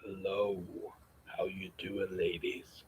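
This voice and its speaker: A man doing a whispered role-play of a hushed male podcast-host persona, slow and breathy. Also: low voice, completely flat delivery, voice pushed down, exaggerated voice, rough recording. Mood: teasing.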